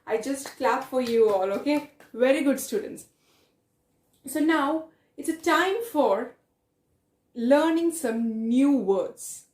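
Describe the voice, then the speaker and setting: A woman's voice: high-pitched, animated, takes it slowly, a little mellow, reverberant. A woman teaching a reading lesson in English with a South Asian accent, repeating her questions and praising answers.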